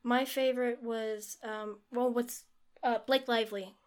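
A young woman with a slightly high voice chats casually as a podcast co-host. She is playful and teasing and retells stories with lively animation. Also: a little slow. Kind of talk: casual chat.

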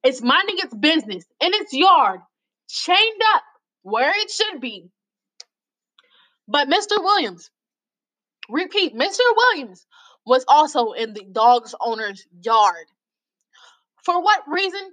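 High, lively-voiced woman host mocking. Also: measured pace, low-quality recording. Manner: mocking, exasperated reading with stumbles. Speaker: host reading out lawsuit stories. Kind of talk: casual reading and commentary.

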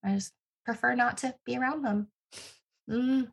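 A young woman in casual chat, bubbly and quick to laugh. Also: fairly high pitch, fairly even intonation, creaky, slightly rough.

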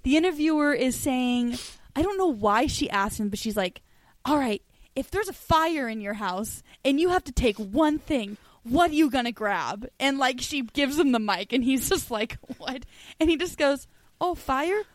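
A woman co-hosting a casual podcast, her voice sitting very high. She gushes and giggles through her stories. The sound is dry and close. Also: expressive, moderate pace, dry recording. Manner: gushing, giggly storytelling. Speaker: podcast co-host. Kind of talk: casual chat.

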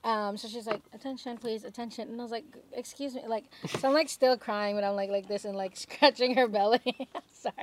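A woman's voice: medium pitch, steady tone, brisk, few pauses, a little hiss or hum. A young woman, co-hosting a casual podcast outdoors in her garden and telling chatty anecdotes with giggles. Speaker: podcast co-host. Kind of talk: casual chat.

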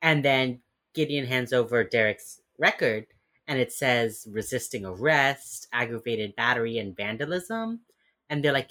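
A woman's voice: extremely low pitch, normal speed, bright, forceful tone. A woman co-hosting a podcast, chatting casually about a TV episode, swearing and animatedly acting out characters' lines. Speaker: podcast co-host. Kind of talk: casual chat recapping a TV episode.

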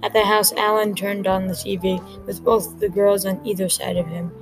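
A woman reading her own story aloud in a quick, plain manner, with music playing behind her. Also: mid-range voice, little pitch movement, low-quality recording.

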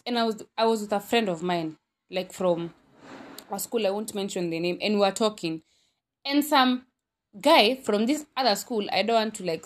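A young woman with a Kenyan accent hosting her own podcast, talking candidly in a rambling, casual monologue full of fillers and self-corrections. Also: mid-range voice. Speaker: podcast host.

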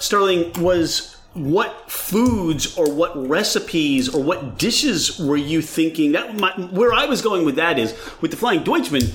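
Male host, high and animated delivery, asks curious follow-ups in a casual chat. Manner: curious, jumps in with follow-up questions. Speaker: interviewer.

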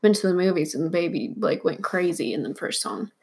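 A young woman co-hosting a casual podcast, telling stories in a relaxed, matter-of-fact way. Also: on the low side, a little fast. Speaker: podcast co-host. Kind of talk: casual chat.

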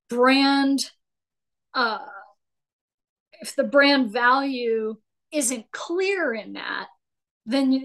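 Chatty higher-voiced woman business coach. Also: rough recording. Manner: animated storytelling with acted-out quotes; folksy, says "right?" often. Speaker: podcast guest, business coach. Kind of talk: conversational explaining.

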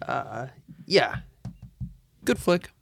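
A man's voice: medium pitch, sing-song, drawn-out words, creaky, a bit bright, a little hiss or hum. A man co-hosting a casual movie review podcast, easygoing, often trailing off and hedging his points. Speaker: podcast co-host.

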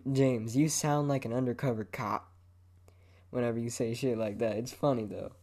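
A man's voice: mid-range voice, steady tone, moderate pace, darkish tone. Laid-back young man rambling on a podcast. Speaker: podcast host. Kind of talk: casual solo podcast monologue. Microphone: microphone, head moving around it.

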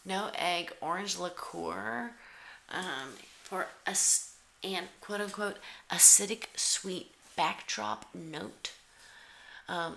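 A woman's voice: sits low, creaky, bright, forceful tone, slight background noise. A woman giving sarcastic, teasing play-by-play commentary over a cooking show. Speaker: comedic commentator.

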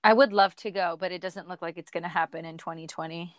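Fast-talking teasing woman. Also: on the low side, steady tone, no echo. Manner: teasing, mimics friends. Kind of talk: casual group chat.

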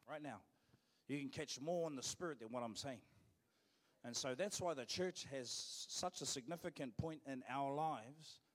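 A man with a New Zealand accent, a pastor preaching a sermon in a casual, emphatic way, repeating his phrases for stress. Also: medium pitch. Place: church auditorium. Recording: long church hall reverb.

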